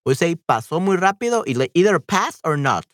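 A woman teaching a live-streamed language lesson, patiently repeating phrases slowly and translating them. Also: on the low side, big pitch swings, no room sound, studio quality. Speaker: Spanish teacher on a livestream.

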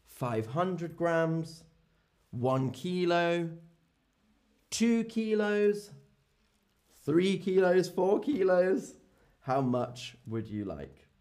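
A male teacher leads a classroom drill, speaking each word with extreme slowness so the students can follow. His pitch swoops up and down with animated emphasis, and he repeats short phrases again and again as he calls on people. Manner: very slow, repetitive, lively and exaggerated intonation. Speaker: English teacher. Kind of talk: classroom language lesson.

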